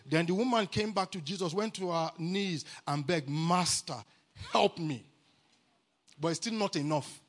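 A man with a Nigerian accent preaching a sermon at a church camp meeting, exuberant and calling for responses, at times rising to shouts. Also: sits high, a little fast, few pauses. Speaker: guest preacher.

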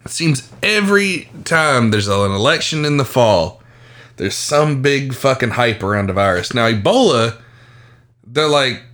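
A man's voice: mid-range voice, lively intonation, measured pace, a bit bright. A man co-hosting a podcast in casual chat, crude and profane, cracking mocking jokes. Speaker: podcast co-host.

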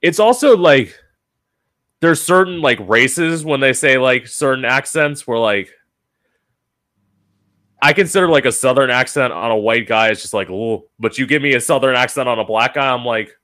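A man hosting a casual interview, storytelling in a gossipy, animated way. His speech is full of fillers and restarts. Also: mid-range voice, moderate pace. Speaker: interview host.

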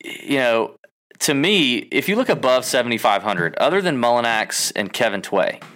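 A man's voice: medium pitch, sing-song, a bit bright. A man co-hosting a podcast, casually running through lists and hedging his claims. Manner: lists names briskly, hedging with "I believe". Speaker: podcast co-host.

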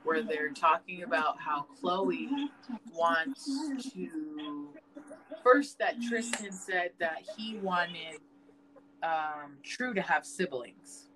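A woman's voice: lowish voice, drawn-out words. A young woman co-hosting a casual podcast, telling stories with lots of swearing and acted-out quotes. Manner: animated storytelling, swears a lot, acts out quoted voices. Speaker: podcast co-host. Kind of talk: casual chat. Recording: noisy home podcast recording.

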